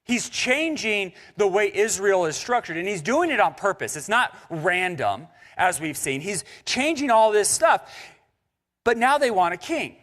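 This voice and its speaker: Animated, high-voiced young male pastor preaching. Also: unhurried. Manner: animated and conversational, with jokes and asides to the congregation. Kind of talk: sermon. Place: church sanctuary.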